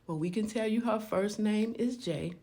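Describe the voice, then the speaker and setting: A woman voicing an adoption agency worker on the phone, speaking slowly in a soothing, matter-of-fact way. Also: mid-range voice, dark tone, natural voice. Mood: calm.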